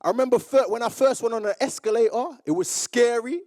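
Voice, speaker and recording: A young man from Jamaica giving a motivational speech to a live audience, telling his story in a lively way and acting out old conversations. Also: very high-pitched, brisk, few pauses. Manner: animated storyteller who acts out remembered dialogue. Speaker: public speaker. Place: awards event room with audience.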